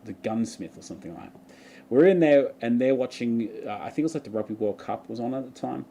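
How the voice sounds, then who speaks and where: A man's voice: medium pitch, expressive, quick pace, warm tone, a little hiss or hum. A young Australian man chatting casually on a livestream, telling a rambling story and laughing often. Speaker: vlogger.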